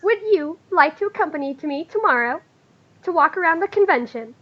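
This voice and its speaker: A woman's voice: high-pitched, expressive, a little fast, a little hiss or hum. A woman voicing a playful, flirtatious noble lady who teases in a sing-song way. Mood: teasing. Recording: dull lo-fi sound.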